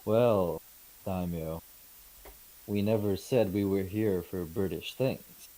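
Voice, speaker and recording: A man's voice: low-pitched, slow, dark tone, poor audio. A man voicing a bold merchant in a tabletop role-play game, speaking in a formal, persuasive way. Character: bold male British merchant, persuasive and bluffing.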